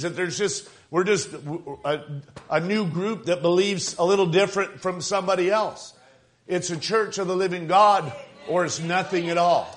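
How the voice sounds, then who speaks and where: A man's voice: high voice, a bit bright. A male pastor giving an emphatic evening sermon, repeating phrases and asking his congregation "right?".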